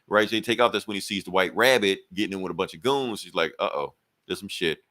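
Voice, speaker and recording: A podcast co-host with a low voice recaps a comic book story in a loose, profane chat, slipping in and out of the characters' lines as he goes. His delivery is fast, pushed and bright, yet stays conversational and unscripted.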